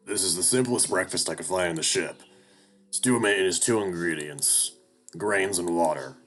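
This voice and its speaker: A man's voice: low-pitched, normal speed, fairly bright tone, soft background music. A man voicing a fussy, caring male ship doctor in a game playthrough. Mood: apologetic.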